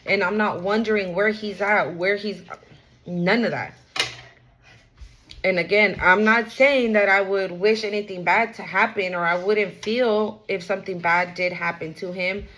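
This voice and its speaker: A woman's voice: mid-range voice, steady tone, unhurried, a bit bright, rough recording. Frank streetwise woman giving a reading. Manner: frank, repetitive, streetwise slang. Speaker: tarot reader. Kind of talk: casual spiritual reading.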